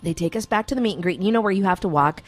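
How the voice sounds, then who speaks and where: A woman co-hosting a radio show, telling a lively story in casual chat and acting out the quotes. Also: medium pitch, racing, dry recording, soft background music. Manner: animated storyteller, acts out quotes.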